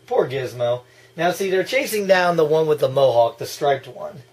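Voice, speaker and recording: A man giving casual, excitable movie reaction commentary, gushing and breaking into laughs and yells. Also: fairly high pitch, normal speed.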